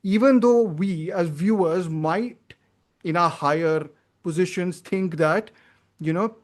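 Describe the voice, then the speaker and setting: A man's voice: sits high, slow pace. A man, hosting a casual film podcast, talking earnestly and working out his thoughts aloud with many fillers and restarts. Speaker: podcast host.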